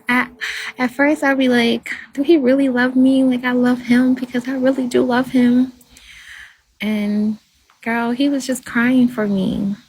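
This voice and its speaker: Husky woman rambling on a livestream. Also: a little high. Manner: rambling, soft-spoken, answers comments. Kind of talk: casual livestream chat with viewers.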